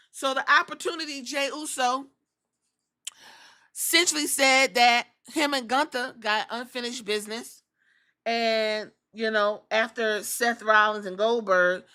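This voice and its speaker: Sassy, bright-voiced woman podcast host. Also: fairly high pitch. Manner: profane, sassy, acts out quotes in voices. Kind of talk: casual wrestling recap.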